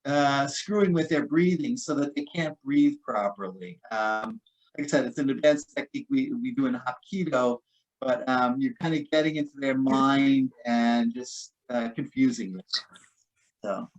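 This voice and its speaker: A man's voice: mid-range voice, moderate pace, dull audio. Casual man teaching conflict de-escalation. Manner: casual, many fillers and restarts. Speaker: guest speaker on personal safety. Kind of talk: informal talk.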